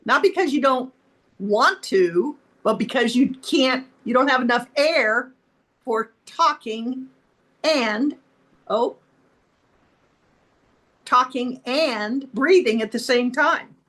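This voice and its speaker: A woman at a club meeting giving an unhurried impromptu talk, explaining things simply. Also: high-pitched, a bit bright. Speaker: meeting participant. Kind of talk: impromptu speech.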